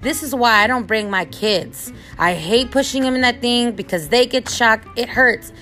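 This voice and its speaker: A woman voicing a friendly mother in a grocery store who reassures her with warm agreement. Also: a little high, normal speed, faint music behind. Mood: reassuring.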